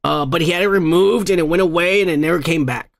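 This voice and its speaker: Gravelly high-voiced man ranting crudely. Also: fast. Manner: profane, ranting, swears constantly. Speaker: podcast host. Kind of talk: crude drunken comedy rant.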